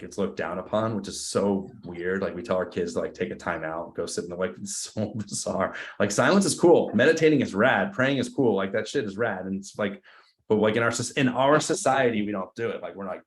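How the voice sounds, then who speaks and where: A man leading a live training session for his team of agents, talking casually with slang and acting out both sides of phone calls. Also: low voice. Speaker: real estate team trainer. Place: meeting room with a group. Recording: roomy echo.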